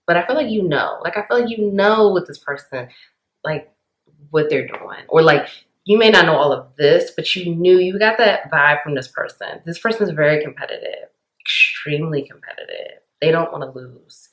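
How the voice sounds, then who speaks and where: A woman's voice: sits low, expressive, moderate pace, a bit bright, reverberant, dull audio. A woman giving a casual channeled tarot reading, talking intensely and emphatically, with many restarts and fillers. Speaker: tarot reader.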